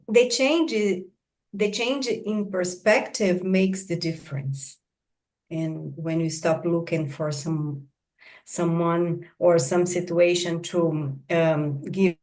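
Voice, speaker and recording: Slow, hesitant woman guest. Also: lowish voice, darkish tone. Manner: slow, hesitant, searching for words. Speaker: podcast guest. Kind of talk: reflective conversation.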